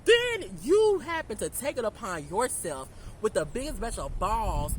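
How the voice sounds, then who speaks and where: A young man telling a storytime about a fight in a profane, sassy, animated rant. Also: sits high, moderate pace, few pauses, heavy background noise. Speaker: storytime vlogger.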